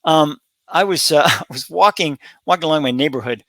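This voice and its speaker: A middle-aged man holds forth on his commentary channel in a bright, slightly high voice. He rambles, repeats phrases and stops to restart, filling gaps with "um" and "you know." The sound is close and dry, with no room around it. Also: a little fast, no room sound. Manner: rambling, repetitive, with many fillers and restarts. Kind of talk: opinion monologue.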